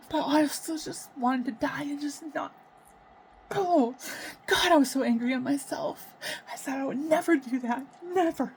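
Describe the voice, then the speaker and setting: Woman, raw personal vlog, halting, emotional, sighing, swearing, slightly high voice, faint background hiss. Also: poor audio. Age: adult with children. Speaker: vlogger. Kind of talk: raw unscripted personal talk to camera.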